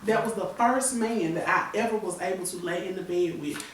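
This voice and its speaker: A woman's voice: medium pitch, fairly quick, a little hiss or hum. A woman in her thirties candidly recounting a painful personal story on a talk show, acting out the people she quotes. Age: 30s. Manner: candid, tearful retelling with acted-out quotes. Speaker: guest. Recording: echoey room, voice from far off the mic.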